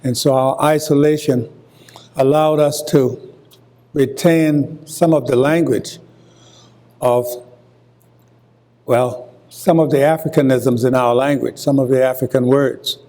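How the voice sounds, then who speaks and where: An older man from Hilton Head Island with a Gullah accent, giving a university lecture deliberately and repeating example words as he explains. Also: mid-range voice, fairly even intonation, mellow. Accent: Gullah, coastal South Carolina. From Hilton Head Island, South Carolina. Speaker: guest lecturer.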